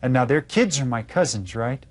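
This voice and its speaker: A man's voice: mid-range voice, expressive, moderate pace. A man teaching a video Spanish lesson to children, patiently spelling words out letter by letter.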